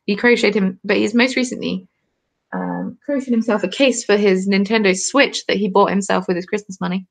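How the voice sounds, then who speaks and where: A southern English woman in her twenties answers viewer comments while knitting on her crafting channel's live stream, chatting casually from a cold home. Her medium-pitched voice has fairly even intonation and vocal fry, and she talks a little fast.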